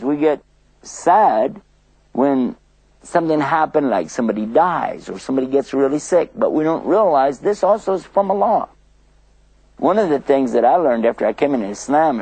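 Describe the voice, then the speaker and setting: Older male preacher for a children's talk, gravelly, animated delivery, acts out small scenes. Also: mid-range voice, dry recording, poor audio. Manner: animated, acts out little scenes in different voices. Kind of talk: children's religious storytelling lecture.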